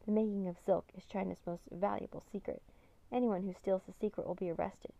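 A woman voicing a shy, gentle young woman weaver who speaks softly but firmly. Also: mid-range voice, fairly even intonation, a little fast, creaky, close to an everyday voice. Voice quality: soft but firm.

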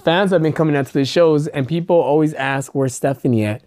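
A woman's voice: low voice, fairly quick, warm tone. A young woman hosting a podcast, telling stories in loose, profane casual chat with lots of laughter. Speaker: podcast host.

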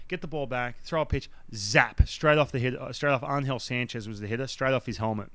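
An Australian man tells a story in loose, casual talk, acting out the lines of the people in it. His voice sits at a middle pitch and is recorded close and dry, with no room sound. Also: brisk, dry recording. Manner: animated, acts out the dialogue of others; blunt, swears now and then. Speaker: podcast guest, former baseball pitcher.

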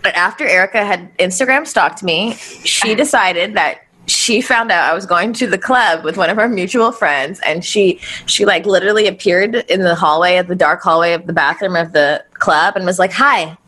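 A woman's voice: lowish voice, normal speed, few pauses, pushed and bright. A woman telling stories in casual podcast chat, acting out quoted lines and swearing freely, often laughing. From the Valley. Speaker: podcast guest, co-host of a moms podcast.

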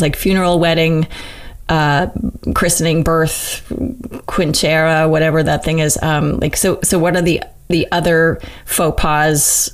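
A woman's voice: low voice, level tone, unhurried. A woman singer-songwriter in a casual interview, talking through her craft candidly, swearing freely and laughing often. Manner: candid and profane, laughs often, talks through ideas aloud.

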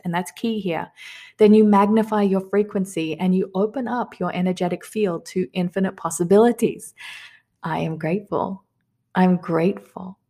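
A woman with a somewhat low voice teaches manifestation. She guides listeners through affirmations in a calm, unhurried way and repeats each phrase slowly.

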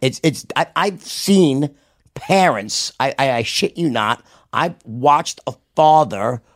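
A middle-aged man with a New York accent, a guest telling candid, profane stories with animated outbursts and frequent restarts. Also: mid-range voice, takes it slowly, no echo, clean studio sound. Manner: animated, profane, loud impressions with repeated restarts. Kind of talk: candid storytelling in conversation.

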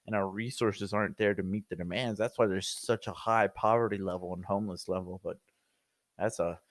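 A man's voice: low voice, fairly even intonation, a little fast, dry recording. A man co-hosting a podcast from Florida, bantering loosely and joking with frequent swearing. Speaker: podcast co-host. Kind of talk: casual podcast chat. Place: home in Florida.

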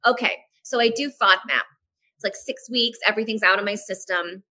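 A woman talks as a podcast guest, telling her own story candidly. Her voice is bright and forward. She is animated and frank, swears casually, and slips into quick voices for the people she quotes. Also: mid-range voice, rough recording.

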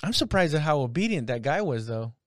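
A man's voice: a little high, sing-song, brisk, no room sound, studio quality. A man in casual podcast chat, reacting with swearing and follow-up questions.

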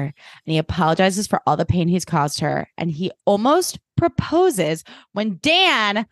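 A young woman talking through an episode on a podcast, slipping into quick impressions of each character as she goes. Her voice sits in a middle register, and the recording is close and dry with no room sound. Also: medium pitch, no echo. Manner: animated, acts out characters' lines. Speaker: podcast co-host. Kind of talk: casual recap chat.

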